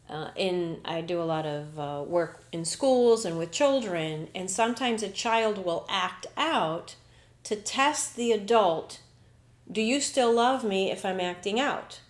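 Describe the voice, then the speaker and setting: A woman hosting a spiritual podcast, talking in an earnest, reflective way and often slipping into quoted inner dialogue. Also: medium pitch. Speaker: podcast host. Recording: roomy echo.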